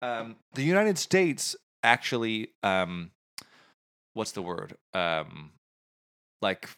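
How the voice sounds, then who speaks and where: A man's voice: fairly low pitch, very animated, slow pace, fairly bright tone, smooth. A man co-hosting a podcast in casual chat, rambling with frequent fillers. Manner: rambling, lots of "um"s. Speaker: podcast co-host.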